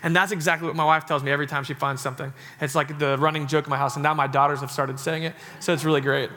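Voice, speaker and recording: A man in his thirties preaches to his congregation in a church, loose and joking and full of "like" fillers. His voice sits a little high and rings bright and forceful. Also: little pitch movement, rapid-fire. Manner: chatty, joking sermon delivery with many "like" fillers. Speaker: pastor. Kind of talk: sermon. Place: church sanctuary.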